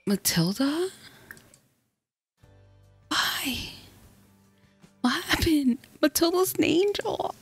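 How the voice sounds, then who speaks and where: A woman's voice: high voice, sing-song, drawn-out words, pauses often, no room sound, faint music behind. A young woman casually commenting on her gameplay, chatting to the characters on screen and often dropping into whispered asides. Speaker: gaming channel host.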